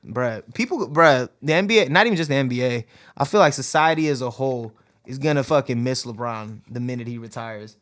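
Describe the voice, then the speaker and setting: A man's voice: mid-range voice, brisk, fairly bright tone. A young man co-hosting a podcast in casual chat, laid-back, swearing often and laughing. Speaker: podcast co-host.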